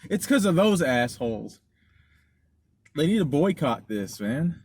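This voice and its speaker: A man's voice: on the high side, big pitch swings, a little slow, a little mellow, husky. A man in casual car chat as a podcast co-host, laid-back and teasing, often laughing. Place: inside a car.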